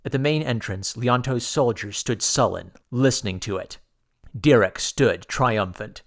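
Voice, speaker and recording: A man narrating a pulp science fiction audiobook in the first person, with measured, dramatic delivery. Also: mid-range voice, gravelly.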